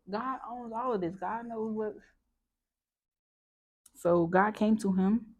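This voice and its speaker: A woman's voice: lowish voice, mellow. A woman vlogger chatting casually about a Bible passage, reflective and talkative, with lots of filler words. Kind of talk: casual chat about scripture.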